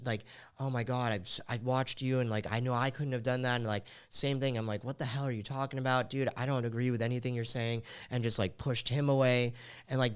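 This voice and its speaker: Speaking in a mid-range voice with a clean tone, a man hosting a podcast recounts something from his own life. The telling is raw and confessional, loaded with offhand fillers such as "like."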